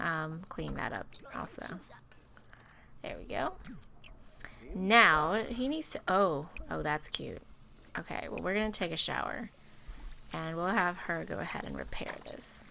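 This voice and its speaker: A woman who is feeling sick, giving chatty, expressive gameplay commentary and talking straight to her viewers. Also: on the low side, vocal fry, a little hiss or hum. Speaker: gaming video host.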